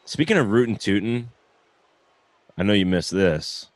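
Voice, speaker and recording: Brief: deep-voiced young podcast host, laid-back and sweary, dry close sound. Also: male voice, lively intonation, a little slow, dry recording. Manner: laughing, loose, swears freely. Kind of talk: casual chat.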